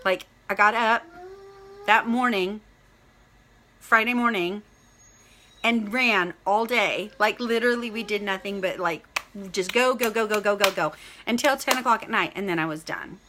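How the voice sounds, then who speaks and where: A middle-aged woman, chatting casually to camera in a rambling, excited way, full of "like" and "literally" and greeting viewers by name. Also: mid-range voice, normal speed, long pauses, a little hiss or hum. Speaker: vlogger.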